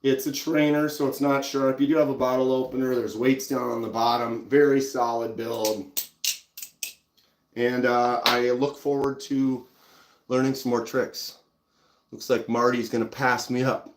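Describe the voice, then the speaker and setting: A man's voice: medium pitch, unhurried, echoey room. A man with a Minnesotan accent, hosting a casual live stream and chatting easily while showing pocket knives. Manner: relaxed, chatty, reads out viewer comments.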